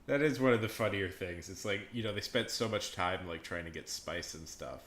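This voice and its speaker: A man's voice: low voice, a little fast, fairly bright tone. A man chatting casually on a live stream, rambling and joking, often laughing and trailing off mid-thought. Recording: echoey room with faint ambience.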